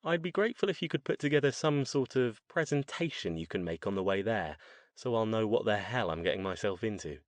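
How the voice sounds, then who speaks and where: A male narrator voicing a grim, dry-witted scholar-sorcerer who speaks in a measured, wry way. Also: fairly low pitch, animated, no room sound, lightly acted.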